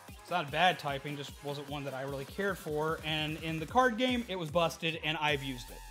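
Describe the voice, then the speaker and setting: A man's voice: on the high side, a bit bright. A man casually chatting on a live stream, answering viewers and laughing easily.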